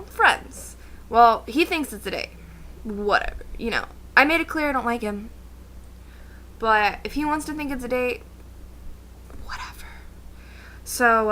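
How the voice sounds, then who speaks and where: A young woman with a bright, high-leaning voice tells a story to her camera in a casual storytime rant. She is sarcastic and exasperated and talks with plenty of animation. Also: slight background noise. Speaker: vlogger.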